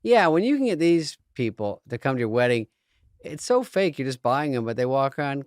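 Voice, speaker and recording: A man's voice: medium pitch, expressive, a little fast, dry recording. A man in his forties co-hosting a podcast, chatting casually with wry, dry, sarcastic asides. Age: 40s. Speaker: podcast co-host. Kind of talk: casual chat.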